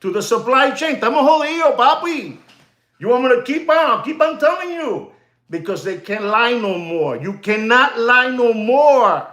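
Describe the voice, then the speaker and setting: High-voiced man ranting in an echoey room. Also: sing-song, normal speed, fairly bright tone. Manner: emphatic, repetitive, mixes in Spanish phrases. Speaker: watch dealer hosting a livestream. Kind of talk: ranting livestream monologue.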